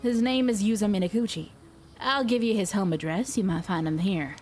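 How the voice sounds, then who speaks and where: A woman voicing a brisk, modern-minded young female diver, reading game dialogue aloud with a light put-on accent. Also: medium pitch, a little mellow, soft background music, lightly acted. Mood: matter-of-fact.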